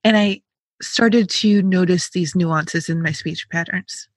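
Husky-voiced woman podcast host. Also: fairly low pitch, slow, no echo. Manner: friendly, laughs easily, self-aware. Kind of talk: casual conversation.

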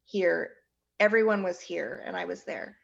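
Woman in her forties, slow grieving storyteller, muffled lo-fi sound. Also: lowish voice, steady tone, vocal fry. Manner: slow, halting, with restarts. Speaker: guest recounting her son's death. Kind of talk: emotional personal account.

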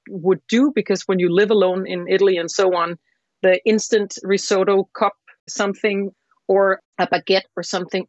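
A woman chef, a guest on an interview show, telling stories in a lively, rambling way with lots of fillers. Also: on the low side, no room sound. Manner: animated, rambling storyteller with many fillers. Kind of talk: casual interview storytelling. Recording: slightly dull lo-fi sound.

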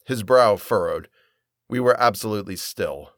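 A man reading a period story aloud as narrator, in an expressive, measured way. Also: on the low side, no echo, studio quality. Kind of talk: audiobook reading.

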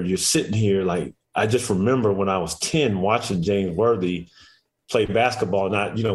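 Low voiced guy in his 40s, laid back, rambly, lots of restarts, radio interview. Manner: relaxed, rambling and reflective with many restarts. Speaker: guest, former basketball player and coach. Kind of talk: casual interview chat.

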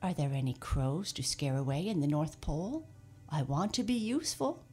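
Woman voices meek storybook scarecrow, timid and plaintive, gravelly. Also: low-pitched, expressive, a little slow, darkish tone, faint music behind, full character voice. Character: meek lonely male scarecrow.

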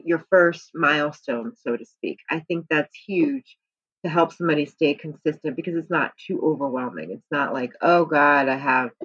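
A woman's voice: low-pitched, husky, dry recording, lo-fi sound. A woman co-hosting a weight-loss program podcast, chatting casually and rambling a little with restarts and "you know what I mean".

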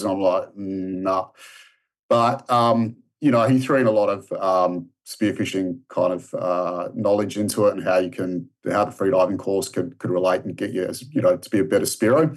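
Rambling Australian man, lowish voice. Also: fairly even intonation, moderate pace. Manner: rambling storyteller with many restarts and fillers. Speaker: podcast guest, strength and conditioning coach. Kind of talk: casual interview chat.

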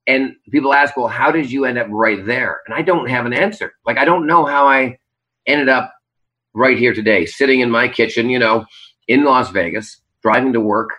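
A man's voice: medium pitch, moderate pace, sharp tone, poor audio. A man from Canada, a stage entertainer, reflecting earnestly in a rambling interview answer from his kitchen. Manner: rambling, earnest, many fillers. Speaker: Las Vegas Strip entertainer, guest. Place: home kitchen.

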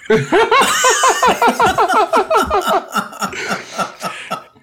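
Male co-host, animated and expressive, profane storyteller who mimics others. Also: extremely high pitch, very slow. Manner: swears a lot, acts out voices in stories. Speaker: podcast co-host. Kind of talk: casual chat.

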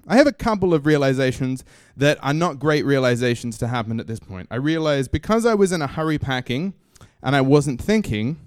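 Young Aussie man, stand-up storyteller, dry close sound, animated. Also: on the high side, no echo. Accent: Australian. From Australia. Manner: comic, animated storytelling with voices. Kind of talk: live stage storytelling. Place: stage in a small venue.

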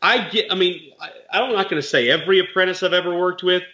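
A man's voice: high voice, quick pace, sharp tone, dull audio. A man, a real estate investor and mentor, telling a story in casual chat and explaining legal points plainly with animation.

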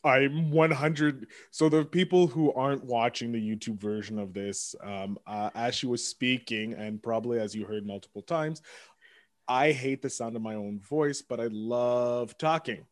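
A man's voice: medium pitch, unhurried, no echo. A man hosting a casual podcast interview, rambling and self-deprecating, often restarting his sentences. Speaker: podcast host.

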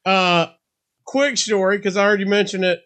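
A man's voice: high-pitched, fairly even intonation, moderate pace, sharp tone. A man hosting a podcast interview, joking and friendly with his guest. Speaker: podcast host. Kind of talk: casual interview.

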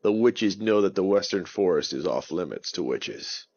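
A man's voice: sits low, animated, normal speed, darkish tone, lo-fi sound. A man doing a friendly lake dragon. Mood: firm.

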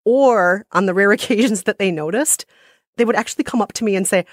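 A woman co-hosting a podcast, telling stories in an animated, self-mocking casual chat. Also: medium pitch, brisk, no echo, studio quality. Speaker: podcast co-host.

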